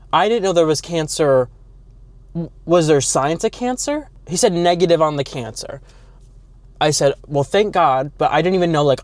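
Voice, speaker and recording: A man's voice: a little high, no room sound. A young man vlogging from his car, telling stories in a chatty, dramatic, campy way. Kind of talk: casual storytelling vlog.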